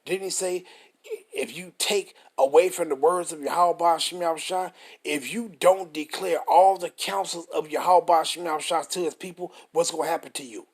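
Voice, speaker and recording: A husky, slightly high-pitched man reads scripture aloud and breaks off into heated, profane commentary. He slows right down and leans hard on the verses, then rushes back into combative asides. The voice has a breathy, roughened edge.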